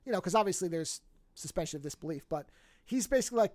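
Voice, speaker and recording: A podcast host with a medium-pitched voice talks fast, recorded in studio quality with no echo. They casually recap a TV series with energy, acting out the characters' lines and frequently restarting or correcting themselves mid-sentence.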